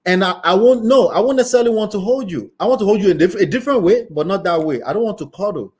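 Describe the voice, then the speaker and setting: A man with a high speaking voice argues his point in a playful, insistent way. He keeps the talk casual and frank, pushing back on the other side. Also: expressive, fast talker, darkish tone, husky.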